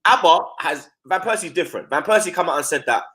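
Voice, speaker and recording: A man's voice: fairly high pitch, animated, fast talker, bright, forceful tone. A man, a football fan pundit chatting casually on a live stream. He talks in heavy slang and keeps tagging his lines with "blood" and "you get me".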